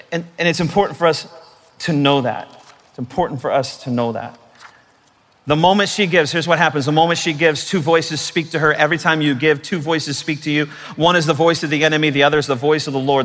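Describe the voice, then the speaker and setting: Man, pastor, sermon, high voice, forceful, emphatic drawn-out declarations, reverberant hall. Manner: preaching with rising, emphatic, drawn-out declarations and dropping to soft asides.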